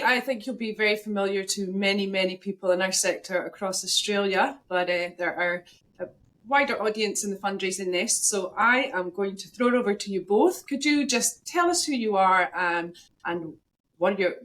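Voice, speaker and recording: A woman's voice: medium pitch, normal speed, a bit bright. A woman with a Scottish accent hosting a casual interview over a video call, effusive and enthusiastic. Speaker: podcast host.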